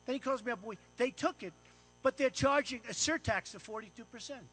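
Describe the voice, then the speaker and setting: High-pitched boastful American man speaking. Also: brisk, fairly bright tone, husky. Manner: boastful, repetitive, punchy phrases. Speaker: paid speaker. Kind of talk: off-the-cuff speech to a live room. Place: event room with an audience.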